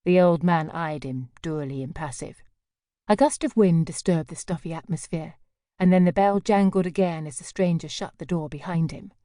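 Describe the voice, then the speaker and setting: Audiobook narrator, woman, measured delivery, warm dark voice. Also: on the low side, no echo, clean studio sound. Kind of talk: scripted novel narration.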